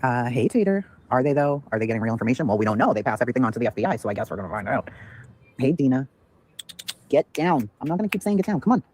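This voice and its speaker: A man's voice: mid-range voice, sing-song, racing, darkish tone, a little hiss or hum. A man hosting a casual livestream, ranting with heavy swearing while greeting chat members by name. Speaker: livestream host.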